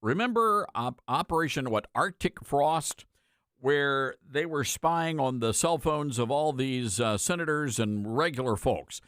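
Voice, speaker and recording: A man's voice: mid-range voice, lively intonation, a little slow, fairly bright tone, clear, resonant tone, dry recording, clean studio sound. A man hosting a talk radio show, with a folksy, sarcastic way of talking. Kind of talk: conservative talk radio commentary.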